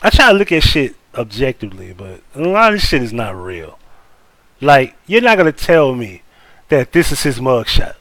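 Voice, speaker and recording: Male livestream host: blunt, profane, swoops up and down in pitch, dry close sound. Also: normal speed, no room sound. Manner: blunt, profane, animated, talks to chat. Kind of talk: casual live commentary.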